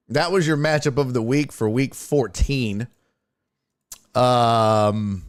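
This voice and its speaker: A man hosting a casual sports live stream, talking in an animated, incredulous way and swearing freely. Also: mid-range voice, takes it slowly, vocal fry. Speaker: sports show host and streamer.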